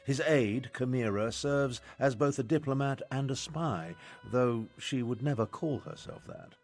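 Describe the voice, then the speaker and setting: An actor playing a pompous, self-important older imperial battle mage in a video game, lecturing with an air of superiority. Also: male voice, mid-range voice, measured pace, soft background music. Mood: explaining.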